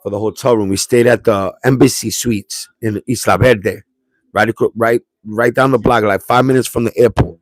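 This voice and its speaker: A man's voice: fairly low pitch, fairly even intonation, normal speed, no room sound. A man from Puerto Rico hosting a livestream and telling a family story in a rambling, streetwise way, restarting his sentences and dropping slang. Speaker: livestream host.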